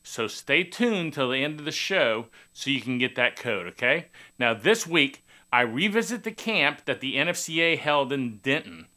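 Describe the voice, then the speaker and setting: A man hosting a softball TV show, introducing the segment and promoting offers. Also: mid-range voice, big pitch swings, moderate pace, few pauses. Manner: chatty, promotional. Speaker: TV show host. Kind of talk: scripted show intro and outro.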